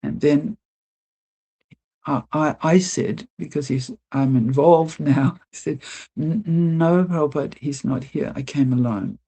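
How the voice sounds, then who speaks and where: An older woman, a guest telling lively stories in an interview, laughing often and acting out what people said. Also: low-pitched, measured pace, gravelly, breathy edge. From Australia. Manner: lively anecdotal storyteller, laughs often, acts out quotes. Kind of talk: storytelling interview.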